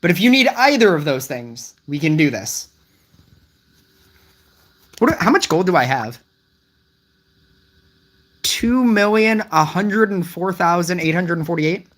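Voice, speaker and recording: A game streamer talks live to the chat in a loose, rambling way, often restarting sentences. The voice sits at a middling pitch, puzzled and wryly teasing the viewers. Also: lively intonation, measured pace, long pauses. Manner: wry, gently teasing the chat.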